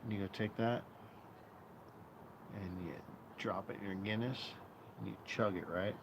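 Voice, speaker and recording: A man's voice: on the low side, steady tone, a little slow, creaky, noisy background. A man hosting a live stream, rambling through bar stories in casual, profane chat. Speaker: streamer host. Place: outdoor patio.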